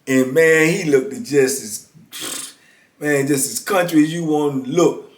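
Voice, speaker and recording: A middle-aged man spins a casual story in a laid-back, easygoing way and keeps dropping in "man". His voice sits slightly high for a man. The room around him has a roomy echo. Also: slow pace. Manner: laid-back, lots of "man" and "you know what I'm saying". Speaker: storyteller, former prisoner.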